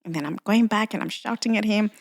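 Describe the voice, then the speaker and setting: A woman's voice: medium pitch, fast, creaky. Woman telling an emotional personal story. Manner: emotional storyteller, acts out dialogue, many "you know"s. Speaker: podcast guest.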